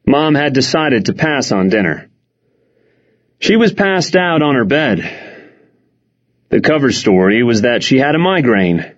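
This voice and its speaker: Narrating a first-person audiobook, a man sounds wry and expressive, his pitch rising and falling in lively swings. He speaks a little slowly and pauses often, and the recording comes across dull and lo-fi.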